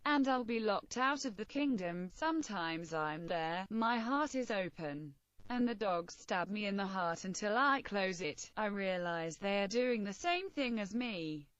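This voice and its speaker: Woman narrator, mid-range pitch, earnest and intense first-person storytelling, dry and slightly muffled recording. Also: animated, measured pace, a bit bright, no echo.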